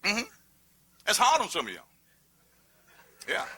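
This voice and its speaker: Man preaching, high voice, very bright tone, shouting emphasis, jokes. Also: wildly swooping pitch, slow, slight background noise. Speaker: pastor. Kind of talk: sermon.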